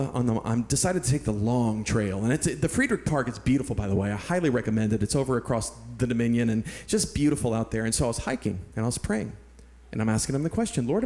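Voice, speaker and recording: A pastor from San Antonio, Texas, telling a personal story in a sermon with earnest, animated delivery. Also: male voice, mid-range voice.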